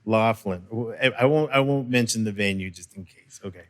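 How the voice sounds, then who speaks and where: A man hosting a casual chat, telling a road story with lively quoted voices and frequent laughter. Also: on the low side, brisk. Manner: animated storyteller, laughs often, acts out quotes. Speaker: host. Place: intimate live venue.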